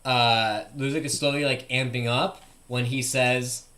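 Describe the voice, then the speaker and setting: A man's voice: medium pitch, steady tone, unhurried, bright, forceful tone. A young man streaming live, thinking aloud in casual chat with lots of "like" fillers.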